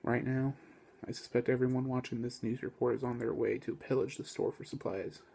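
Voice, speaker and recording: A man reading a novel aloud, voicing a calm, dutiful young male store clerk who gives plain advice. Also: medium pitch, brisk, vocal fry, slightly rough.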